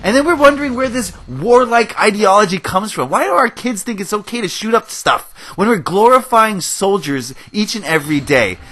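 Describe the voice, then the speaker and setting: A man's voice: high voice, animated, moderate pace, hardly any pauses, bright, forceful tone. A man hosting a gaming video, giving a passionate, emotional rant to his viewers. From United States. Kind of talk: ranting commentary over gameplay.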